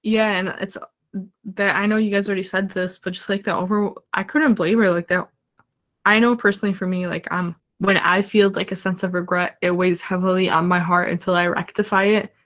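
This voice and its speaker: A woman's voice: medium pitch, little pitch movement, brisk, a bit bright. A woman in a casual panel chat about a TV drama, earnest and reflective. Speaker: podcast panelist discussing a TV drama.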